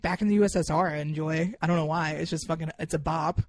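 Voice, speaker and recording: Young man, podcast host, casual monologue, raspy and gravelly tone, emphatic, heartfelt, swears a lot. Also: fairly high pitch, fast, slight background noise. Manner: emphatic, heartfelt and profane, with rising bursts of excitement.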